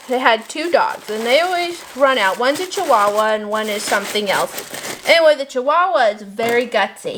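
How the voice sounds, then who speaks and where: A woman in her thirties packing shop orders while telling rambling stories and laughing often. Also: a little high. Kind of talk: chatty vlog while packing. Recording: noticeable background noise and crinkling packaging.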